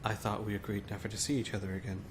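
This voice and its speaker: A man voicing a nervous, wary male dock worker who speaks quietly and haltingly. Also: medium pitch, fairly even intonation, noisy background, natural voice.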